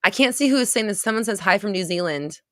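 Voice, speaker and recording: A woman's voice: medium pitch, lively intonation, fast talker, a bit bright, no room sound, studio quality. A young woman hosting a casual live stream, chatting, laughing often and reading viewer comments aloud. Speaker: livestream host.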